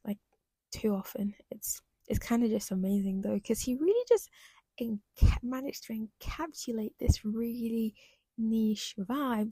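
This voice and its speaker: A woman's voice: mid-range voice, fairly even intonation, normal speed, creaky, warm tone, slightly rough, dry recording. A young woman hosting a solo podcast, talking in a rambling, chatty, self-deprecating way. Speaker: podcast host. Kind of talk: casual solo podcast monologue.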